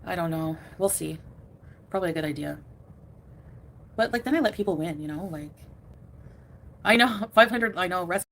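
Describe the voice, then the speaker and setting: A woman's voice: on the low side, moderate pace, long pauses, a bit bright, slight background noise. A woman chatting casually on a live stream, reading out viewer names and giggling often. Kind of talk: casual livestream chat.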